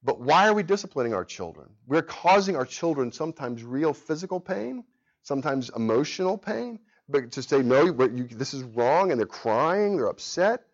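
A man's voice: a little high, moderate pace, muffled recording. A man in his thirties teaching an adult Sunday school class, earnest and conversational, tired from a sleepless night. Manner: earnest, conversational, animated when telling stories.

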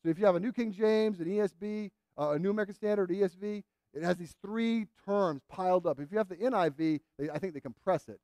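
Male preacher, high voice, earnest and emphatic, repeats phrases, dry close sound. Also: quick pace, hardly any pauses, dark tone, no echo. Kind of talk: sermon.

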